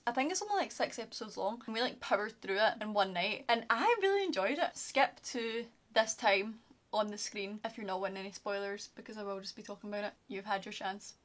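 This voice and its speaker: Brief: young Scottish woman, chatty vlogger, filler-heavy, a touch high-pitched. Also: a bit bright. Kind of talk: casual chat.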